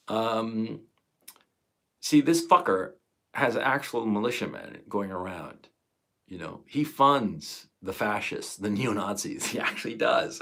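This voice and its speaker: A man in his fifties delivers an impassioned live stream rant to his viewers. His voice is gravelly with a husky edge, and he swears often. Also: on the low side, a bit bright. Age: 50s. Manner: emotional, profane, impassioned ranting. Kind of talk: angry live stream monologue.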